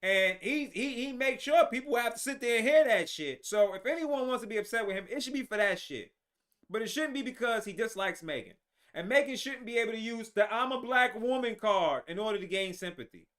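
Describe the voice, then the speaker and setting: Host, male, high and bright voice, heated profane rant, stumbles and restarts. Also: animated, fairly quick. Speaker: show host. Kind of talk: ranting political commentary.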